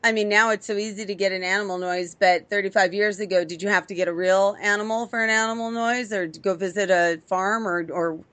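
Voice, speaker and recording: Woman interview host, mid-pitch, effusive and upbeat. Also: steady tone, brisk, hardly any pauses, fairly bright tone, clear, resonant tone. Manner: enthusiastic, effusive. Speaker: podcast host. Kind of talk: casual interview chat.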